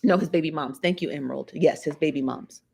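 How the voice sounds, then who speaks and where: Lady host on a livestream, lowish voice, chatty and opinionated, reading chat. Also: fast talker, vocal fry, a little mellow, breathy edge. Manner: chatty, opinionated, reads viewer comments aloud. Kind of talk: casual chat.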